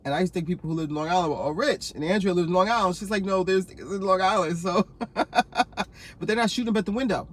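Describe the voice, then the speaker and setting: A woman in her fifties from New Jersey, telling rambling stories to camera in a casual vlog, laughing often with lively asides. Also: fairly low pitch, quick pace. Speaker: vlogger.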